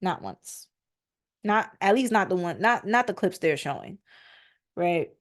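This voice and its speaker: A woman's voice: on the low side, lively intonation, a little slow. A woman hosting a casual podcast, talking through a case and reading scripture aloud with lots of fillers. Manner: chatty, frequent fillers, reads verses aloud. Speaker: podcast host. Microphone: microphone on a stand.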